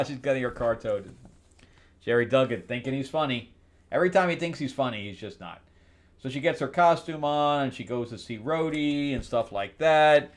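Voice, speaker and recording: A comic book reviewer, a man, recaps comics in a loose, sarcastic ramble, often tripping over his words and starting again. His everyday mid-range voice has lively intonation and a moderate pace, and he lets lines trail off dryly.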